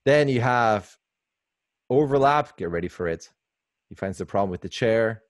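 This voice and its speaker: This fairly low-pitched man in his forties talks at a normal speed, offering gushing, excitable webinar commentary as a guest animator and laughing often. He's speaking from his home workspace over a video call mic. The recording has studio quality with no echo.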